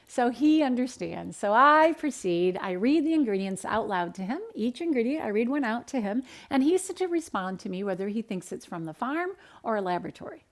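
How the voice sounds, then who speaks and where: A woman's voice: a little high, brisk. Upbeat woman dietitian talking in her kitchen. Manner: upbeat, animated, acts out quoted dialogue. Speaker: dietitian and speaker. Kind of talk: direct-to-camera talk with storytelling. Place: home kitchen.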